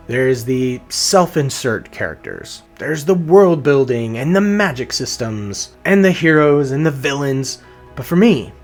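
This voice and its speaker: A man reviewing books in casual, earnest talk, openly emotional about the lines he loves. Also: medium pitch. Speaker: book reviewer.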